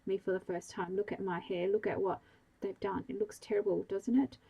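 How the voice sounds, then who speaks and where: Eine Frau spielt eine verzweifelte reiche Dame. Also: female voice, mid-range voice, fairly even intonation, fairly quick, gravelly, mellow, breathy edge, highs cut off. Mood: distraught. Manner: melodramatic, pleading. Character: dramatic wealthy woman, tearful and vain.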